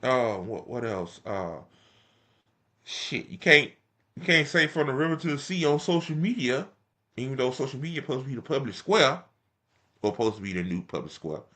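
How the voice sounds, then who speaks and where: A man's voice: mid-range voice, expressive, normal speed, sharp tone. A young man reacting to a political speech in casual, profane, mocking commentary.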